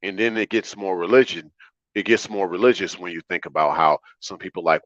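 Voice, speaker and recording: A man's voice: low-pitched, a little fast, a bit bright, no room sound, dull audio. A man hosting a livestream monologue, talking in an emphatic, repetitive, preachy way. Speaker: livestream host.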